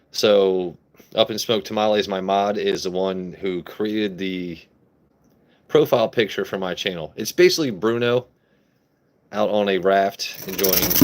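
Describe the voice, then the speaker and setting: Low-voiced man chatting on a livestream. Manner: playful, talks to his pet guinea pig and chat. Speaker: livestream host. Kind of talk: casual livestream chat.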